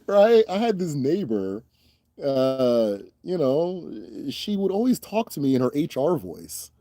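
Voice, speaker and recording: A man's voice: fairly high pitch, dark tone, no room sound. Loose, profane young man chatting. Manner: loose, profane, laughing, mimics voices. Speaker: host answering viewer questions. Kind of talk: casual Q&A chat.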